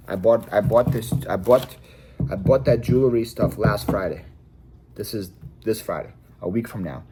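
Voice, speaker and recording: A man's voice: on the low side, warm tone, a little hiss or hum. A man talking casually to his viewers in a vlog while packing orders, chatty and full of fillers and repeated words. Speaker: online reseller vlogger.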